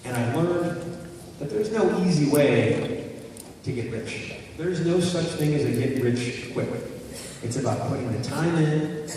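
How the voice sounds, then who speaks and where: A motivational speaker with a fairly high, warm voice talks in an animated but unhurried way, telling stories and inviting answers from the crowd. The recording is noisy and far off, in an echoing hall.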